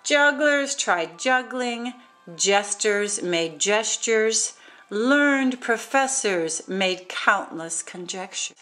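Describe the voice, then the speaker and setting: A woman reading a rhyming picture book aloud in a sing-song, animated way, adding exclaimed asides between verses. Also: medium pitch, extremely slow, soft background music. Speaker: storybook reader.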